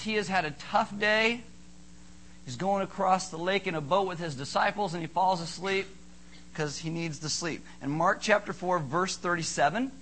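A man preaching a sermon as pastor, animated, acting out panicky bystanders in high squeals now and then. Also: a little hiss or hum, low-quality recording.

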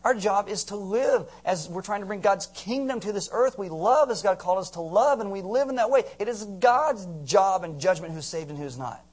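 A man preaching a sermon in an animated, joking way, often acting out quotes in put-on voices. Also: high voice, moderate pace, few pauses. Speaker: pastor.

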